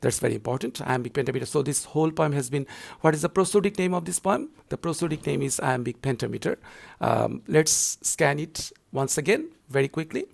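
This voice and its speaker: A man's voice: on the high side, big pitch swings, fairly quick, gravelly. A male university lecturer explaining poetry scansion to students in a repetitive, explanatory way, with frequent filler words.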